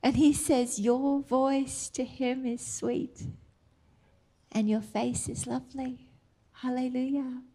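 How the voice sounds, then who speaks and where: A middle-aged woman preaching a sermon, tender and emphatic, slipping into soft whispered asides. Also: high-pitched, fairly even intonation, slow pace.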